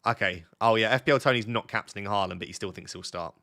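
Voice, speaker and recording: A man's voice: lowish voice, quick pace, sharp tone. A young man hosting a casual late-night live stream from his bed at home, chatty and teasing as he talks to his chat. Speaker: fantasy football streamer, host.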